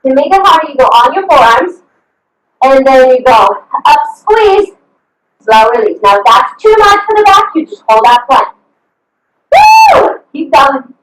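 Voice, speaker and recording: An extremely high-pitched woman fitness coach runs a live online workout, cheering her class with whoops in an upbeat, encouraging way. The video call sounds echoey from a distant mic, with heavy background noise.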